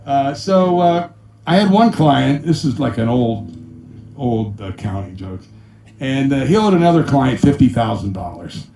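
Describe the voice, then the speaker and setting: A middle-aged man doing stand-up accountant jokes, acting out his clients in high voices and punching each punchline with 'ba-boom'. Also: lively intonation, measured pace, mellow, slight background noise. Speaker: comedian and musician telling accountant jokes. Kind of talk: stand-up joke telling. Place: small room with a live audience. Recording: echoey room, mic at a distance.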